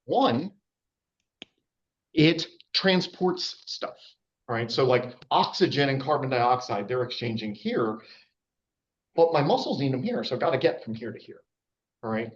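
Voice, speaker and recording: A man's voice: animated, unhurried. A male instructor explains anatomy to a live group in a loose, conversational lecture with many fillers and asides. His voice sits in the middle range for a man but leaps up sharply when he acts out quotes. The recording is somewhat dull and lo-fi. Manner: chatty, full of fillers and asides, wide pitch swings. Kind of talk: informal public lecture.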